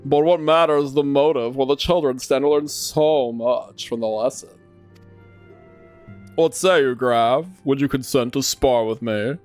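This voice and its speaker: A man's voice: mid-range voice, unhurried, darkish tone, clear, resonant tone, faint music behind, lightly acted. A man voicing a pompous young knight with stiff, old-fashioned formal diction while reading a game's story aloud.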